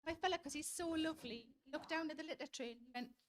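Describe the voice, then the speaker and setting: A woman's voice: high-pitched, fast. A woman in her thirties doing a blunt, sweary stand-up comedy routine on stage, telling stories to an audience.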